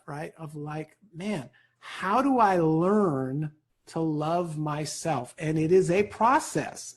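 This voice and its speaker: A man speaking as a guest in an interview, giving an energetic motivational talk, animated and rapid, with a husky voice. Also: high voice. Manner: animated, rapid, peppered with "right?".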